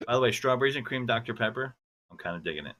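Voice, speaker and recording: A man's voice: medium pitch, animated, rapid-fire, sharp tone. A man co-hosting a podcast in casual, joking banter. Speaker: podcast co-host. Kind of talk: casual chat.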